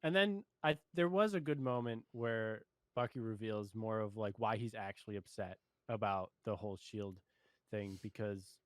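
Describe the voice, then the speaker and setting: A man's voice: fairly low pitch, normal speed, no echo. Easygoing young man recapping plot. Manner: easygoing recapping, laughs often, trails off to search for words. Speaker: show co-host reviewer. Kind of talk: casual review chat.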